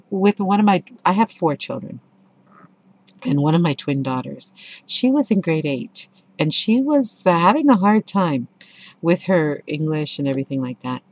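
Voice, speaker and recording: A middle-aged woman with a notably low, deep voice reviews a book in a relaxed, conversational way. She tells stories expressively and with clear enthusiasm. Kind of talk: casual spoken book review with anecdotes.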